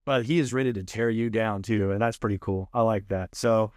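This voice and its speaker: A Californian food show host guests on a podcast in the studio, chatting casually with laid-back enthusiasm and saying "man" and "dude" a lot. His voice is on the low side with a darkish tone, a little fast, and the studio recording is clean and dry.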